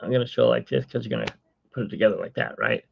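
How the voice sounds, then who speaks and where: A man's voice: medium pitch, very animated, racing, vocal fry, husky. A man hosting a casual live-stream chat, rambling and self-mocking with corny jokes. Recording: dull lo-fi stream audio.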